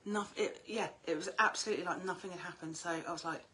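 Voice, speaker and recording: A woman's voice: lowish voice, fast talker, slight background noise. A middle-aged woman, chatting casually on a livestream as an oracle card reader, talkative and prone to swearing. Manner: chatty, animated, swears freely.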